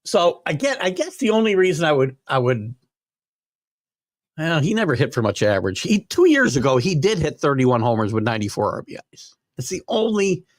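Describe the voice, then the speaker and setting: A man's voice: a little high, very animated, a little fast, dry recording, clean studio sound. An older man hosting a live sports talk show, chatting casually and rambling with fillers while reading viewer comments. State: hiccups.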